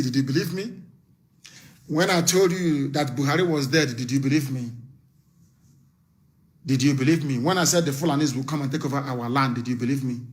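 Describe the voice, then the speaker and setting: A Nigerian political activist leader with a medium-pitched voice gives an impassioned live broadcast address. He hammers home rhetorical questions and delivers stern warnings.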